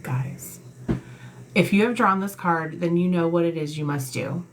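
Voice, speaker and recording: A woman's voice: lowish voice, a little slow. A woman giving a casual tarot card reading, reading card meanings aloud and breaking off to talk bluntly and emphatically, swearing freely. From Italian heritage. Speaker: tarot reader.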